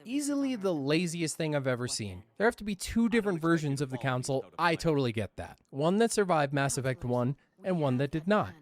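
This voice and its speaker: Man, gaming commentary, sarcastic, swears a lot, animated pitch that swings up and down. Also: a little fast, hardly any pauses. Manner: sarcastic, profane and self-mocking. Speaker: gaming video host. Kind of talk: scripted gameplay commentary.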